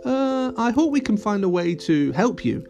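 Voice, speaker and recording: A man's voice: high-pitched, big pitch swings, moderate pace, darkish tone, soft background music, voice pushed up. A man playing an eager little girl. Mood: thoughtful. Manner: eager and wondering. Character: curious, eager young girl.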